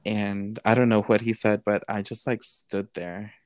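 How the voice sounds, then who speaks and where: A man's voice: on the low side, little pitch movement, unhurried, dry recording. A man, a podcast guest telling a personal story in a casual, earnest way, switching between English and Spanish with plenty of "you know". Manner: earnest, emotional retelling.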